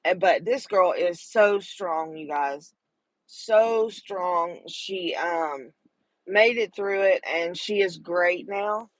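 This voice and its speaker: A woman's voice: lowish voice, slow, dry recording, poor audio. A middle-aged woman, talking to viewers in a casual livestream chat, tender and emotional. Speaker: livestream host.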